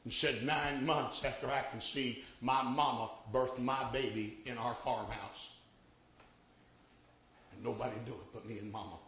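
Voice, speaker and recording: Older preacher, bright echoing voice. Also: male voice, medium pitch, fairly even intonation, measured pace. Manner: swings from hushed storytelling to shouted preaching. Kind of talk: sermon with storytelling.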